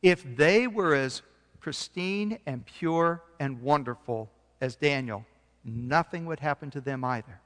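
A man preaching a sermon, reading scripture aloud and swinging between loud emphasis and quiet passages, sometimes losing his place and correcting himself. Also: fairly high pitch, a little slow, big-room sound. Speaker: pastor.

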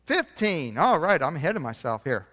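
A man preaching a sermon, reading scripture aloud and swinging between loud emphasis and quiet passages, sometimes losing his place and correcting himself. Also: on the high side, very animated, moderate pace, long reverb tail. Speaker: pastor.

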